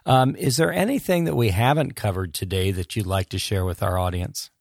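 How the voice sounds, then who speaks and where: Easygoing guy hosting a podcast, lowish voice, laughs a lot, dry sound. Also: vocal fry, a little mellow, no echo. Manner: friendly, easygoing, quick to laugh. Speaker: podcast host. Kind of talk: casual interview chat.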